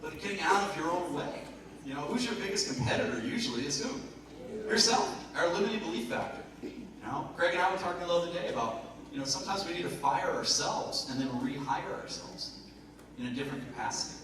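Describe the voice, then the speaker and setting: A man giving a lively motivational talk to a live audience, joking and asking the room questions. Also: a little high, brisk. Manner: lively, jokey, asks the crowd questions. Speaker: motivational speaker. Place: event hall before a live audience. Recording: very echoey hall, speaker far from mic, noisy.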